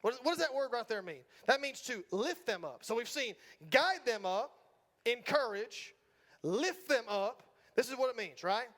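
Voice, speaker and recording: High-voiced Southern preacher, chatty and joking. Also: male voice, animated, normal speed, a bit bright. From Georgia, US. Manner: conversational, asks the congregation "right?" often, jokes. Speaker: pastor. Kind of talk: sermon. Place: church sanctuary.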